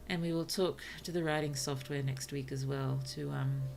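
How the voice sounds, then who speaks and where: A woman's voice: low voice, fairly even intonation, unhurried, creaky. A woman with an Australian accent chatting casually on a livestream, musing aloud and laughing often. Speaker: streamer and writer.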